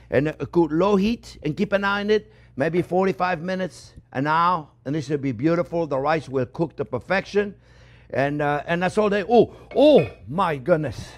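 High-voiced chatty chef cooking along. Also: male voice. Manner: chatty and joking, keeps checking in with "okay?" and "eh?". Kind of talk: cooking demonstration.

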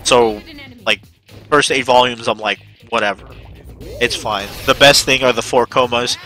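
A man streaming a game who chats casually and excitedly, swears often, and jumps into high-pitched shouts when he acts out his own reactions. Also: normal speed, soft background music. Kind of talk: casual chat while gaming.

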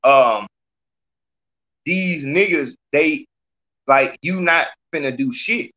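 Ranting podcast host man, bright lo-fi voice. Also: a little high, takes it slowly. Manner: profane, ranting, challenging a chat commenter. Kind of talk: heated call-in podcast talk.

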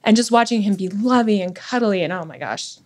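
Earnest woman, candid and often hushed. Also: mid-range voice, animated, brisk. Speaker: podcast guest. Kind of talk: emotional personal conversation.

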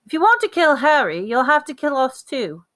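Woman voicing a hurt teen wizard boy, fierce, weak, high, storybook reading. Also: sing-song, moderate pace, sharp tone, heavily acted. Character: fierce young wizard Ron, hurt, defiant.

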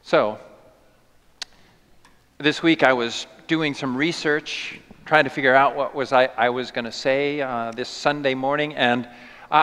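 A man preaching a sermon as a pastor, telling the story in a lively, playful way. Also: fairly high pitch, smooth. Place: church sanctuary. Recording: long church reverb.

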